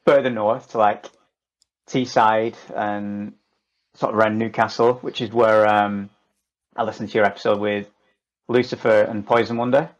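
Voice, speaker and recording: A man's voice: on the low side, little pitch movement, moderate pace, muffled recording. A middle-aged man from northern England with a Lancashire accent, chatting as a podcast guest in a jokey, swearing way. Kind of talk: casual chat.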